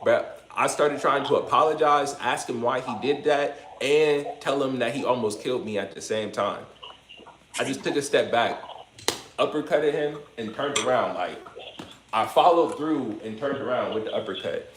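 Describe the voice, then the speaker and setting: A man's voice: mid-range voice, moderate pace. A man hosting a livestream, telling a story in loose, slangy casual chat and laughing now and then. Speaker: livestream host. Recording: roomy room with faint noise.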